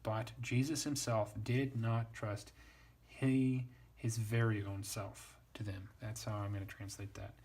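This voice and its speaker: A man's voice: lowish voice, little pitch movement, unhurried, hardly any pauses, a little mellow. A man teaching Latin translation in a casual, thinking-aloud way, wry and self-deprecating.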